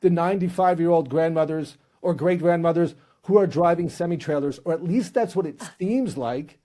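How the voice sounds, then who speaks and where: A man's voice: a little high, moderate pace, dark tone. A male podcast host interviewing guests, telling a humorous story with casual restarts.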